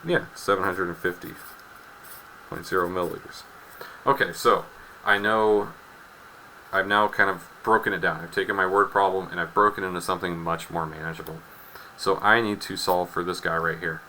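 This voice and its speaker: A deep-voiced young man teaches a chemistry lesson with a dry, joking storytelling streak. His tone is bright and forceful, with a faint hiss under the recording. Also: steady tone, normal speed, rough recording. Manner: wry storytelling, acts out students' voices.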